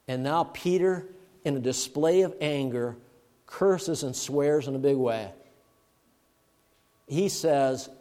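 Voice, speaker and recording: Male preacher, a bit high-voiced, booming then hushed, in a reverberant church. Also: moderate pace. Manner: swings from loud emphatic bursts to hushed murmurs. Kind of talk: sermon. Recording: long reverb of a large hall.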